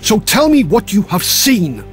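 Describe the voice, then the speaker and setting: A man voicing a pompous medieval bishop who speaks in stern, booming pronouncements. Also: very animated, unhurried, faint music behind.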